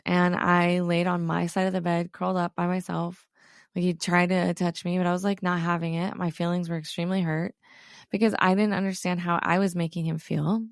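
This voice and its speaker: A woman's voice: fairly low pitch, flat delivery, brisk, creaky, dry recording, studio quality. A woman in her thirties hosting a podcast, frankly recounting a fight with her partner, swearing casually and acting out both sides. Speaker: podcast host. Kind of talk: candid personal storytelling.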